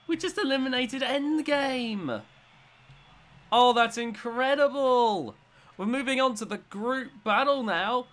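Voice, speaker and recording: Excitable high-voiced gaming commentator. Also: male voice, unhurried. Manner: swings from muttering to shouting with excitement. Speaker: gaming YouTuber.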